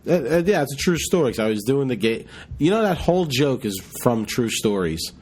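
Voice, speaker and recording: A man hosts a comedy podcast in casual chat. He tells animated, joking stories in a middle-pitched voice. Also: brisk.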